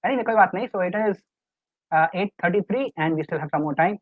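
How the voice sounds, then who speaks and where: A man's voice: high-pitched, a little fast, no room sound. A middle-aged man, a life coach giving a live webinar lecture in an earnest, coaxing, repetitive way. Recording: dry, tinny phone-like online call audio.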